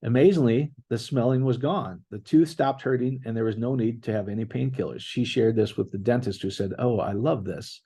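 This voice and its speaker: A man's voice: mid-range voice, fairly quick, hardly any pauses, dark tone, husky. A middle-aged male pastor giving a conversational sermon, reading out testimonies and talking straight to his listeners. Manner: conversational, reads out testimonies, addresses listeners as guys.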